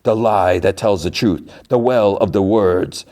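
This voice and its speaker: A man voicing a grandiose male trickster god, declaiming slowly in his own low voice. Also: mellow, lightly acted. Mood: solemn. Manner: slow, declaiming.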